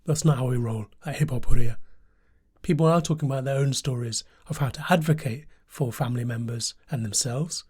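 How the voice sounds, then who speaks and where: Calm husky male podcast host. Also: medium pitch, fairly quick. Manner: calm, reassuring, steady. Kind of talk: podcast introduction and interview.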